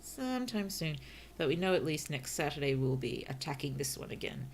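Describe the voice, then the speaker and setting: A woman's voice: a bass voice, fairly even intonation, quick pace, slight background noise. A woman with an Australian accent chatting casually on a livestream, musing aloud and laughing often. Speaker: streamer and writer.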